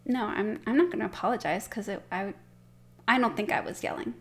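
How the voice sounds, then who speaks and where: A woman's voice: medium pitch, fairly quick, close to an everyday voice. A woman acting out a wife who apologizes defensively and blames her husband. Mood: indignant. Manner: defensive, justifying, exasperated.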